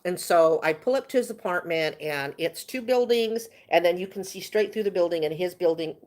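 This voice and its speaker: A woman telling a story on a casual livestream, animated and chatty, laughing often. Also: fairly low pitch, normal speed. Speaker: vlogger.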